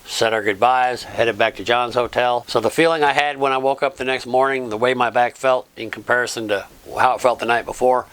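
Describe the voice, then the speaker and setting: A man's voice: mid-range voice, fairly even intonation, fairly quick, hardly any pauses, fairly bright tone, clean tone. A middle-aged man hosting a travel vlog, recapping the trip in a plain, earnest way and thanking friends. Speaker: vlog host. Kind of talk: casual travel vlog narration.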